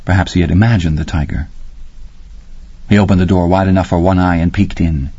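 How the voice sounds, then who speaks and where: A man narrating a story in a measured, even way. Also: low voice, slightly rough, no echo, lo-fi sound. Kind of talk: audiobook narration.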